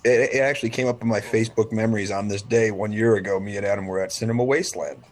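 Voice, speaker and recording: A man's voice: lowish voice, steady tone, fast talker. A man co-hosting a casual podcast chat, telling rambling, profane stories and mimicking the people in them. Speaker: podcast co-host.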